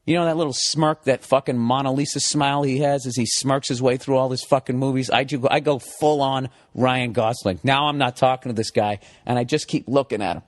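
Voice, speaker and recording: A man's voice: mid-range voice, steady tone, brisk, few pauses. A man hosting his podcast, telling a story in a casual, comedic way. He swears a lot, sounds exasperated, and acts out both sides of an argument. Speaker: podcast host.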